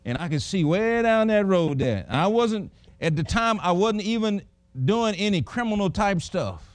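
A middle-aged preacher with a high-pitched voice delivers a sermon. He slips into folksy, animated stories from his own life. The sound is dry and close. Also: normal speed, dry recording.

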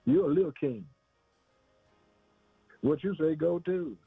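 A man's voice: on the high side, takes it slowly, creaky, husky, no echo, faint music behind. Man preaching over a tinny phone line. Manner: repetitive, conversational, calls listener "man" and "boy". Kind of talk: informal preaching.

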